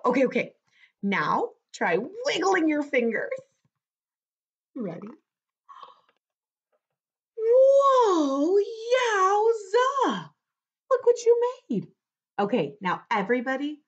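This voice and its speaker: A bossy, excitable book character, read by a woman, who swoops up and down in pitch as he exclaims and coaxes. He talks slowly over a dull, lo-fi home video recording. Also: husky, exaggerated voice. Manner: exclaims and coaxes the listener into actions.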